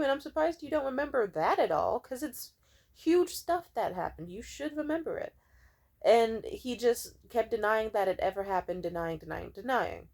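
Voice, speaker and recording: A woman's voice: mid-range voice, a little mellow. A young woman venting in a heated, profane rant, retelling an argument with quoted back-and-forth dialogue. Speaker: vlogger.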